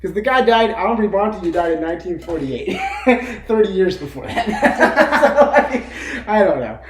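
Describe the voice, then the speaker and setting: A man's voice: high voice, expressive, a little slow, reverberant, a crowd in the background, rough recording. A young man co-hosting a casual movie chat, rambling with lots of fillers and frequent laughter. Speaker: co-host of a movie discussion channel.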